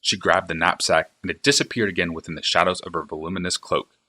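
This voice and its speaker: Very deep-voiced man reading a novel. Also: fairly even intonation, fast, pushed and bright. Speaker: reader, streamer. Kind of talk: reading a fantasy novel aloud.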